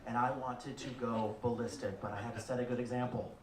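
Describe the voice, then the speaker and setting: A young adult man doing a stand-up comedy set on a club stage, deadpan with sudden loud outbursts. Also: medium pitch, fairly quick, far from the mic, slight background noise. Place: comedy club stage before a live audience. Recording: roomy live club sound, from the back, audience laughter.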